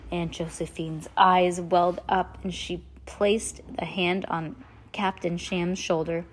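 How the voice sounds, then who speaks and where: A woman casually reading a novel aloud, relaxed, now and then stumbling and chatting between passages. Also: lowish voice, slow, slight background noise. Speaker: reader.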